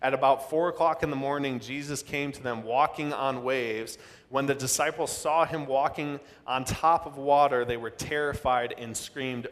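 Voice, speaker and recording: A man's voice: medium pitch, moderate pace. Male pastor, dramatic preaching delivery, reverberant church hall. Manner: preaching with sudden loud outbursts and dramatic quoted voices. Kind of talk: sermon. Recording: long reverb of a large hall.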